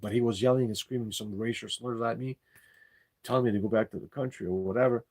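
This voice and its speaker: A man's voice: mid-range voice, fairly even intonation, fast, darkish tone. A man telling a story in a casual, indignant rant, swearing often and circling back over his points. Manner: indignant, swears freely, loops back and repeats himself. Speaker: delivery driver and channel host.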